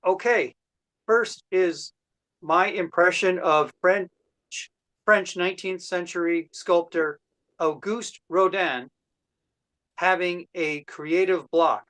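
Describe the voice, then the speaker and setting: Slow, deadpan man doing stand-up. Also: sits high. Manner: halting, deadpan. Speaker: comedian doing impressions. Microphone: video call.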